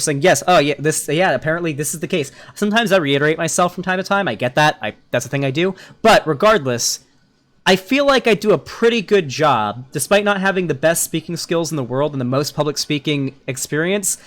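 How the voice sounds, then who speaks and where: A man reacts to a clip in a loose, mocking voice, dropping swear words as he goes. His voice sits a little above the usual male pitch. He talks in a casual, conversational way. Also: a bit bright. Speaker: political commentary youtuber. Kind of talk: reaction video commentary.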